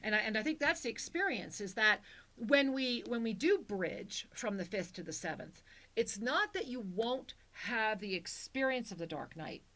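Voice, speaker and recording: A woman's voice: fairly high pitch, animated, moderate pace, pushed and bright. A woman co-hosting a call-in spiritual talk show, speaking in a soothing, affectionate way as she gives a caller a soul reading. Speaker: co-host and spiritual teacher.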